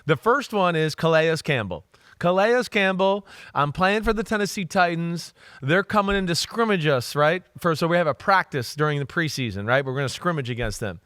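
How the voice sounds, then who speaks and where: A man co-hosting a casual sports talk show, telling stories in an animated way with loud exclamations. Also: a little high, normal speed, smooth, no room sound, studio quality. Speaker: co-host, former NFL quarterback.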